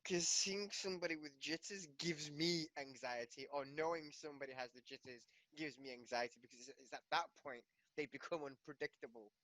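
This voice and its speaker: A man's voice: a little high, a little fast, hardly any pauses, sharp tone, no room sound. A man running a tabletop game, chatting out of game with his players, teasing them, swearing freely and laughing often. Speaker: game master.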